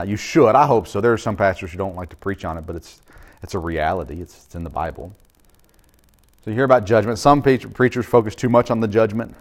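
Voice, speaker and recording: A middle-aged man, a pastor, preaching a sermon in a conversational way, with frequent fillers and restarts. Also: on the low side.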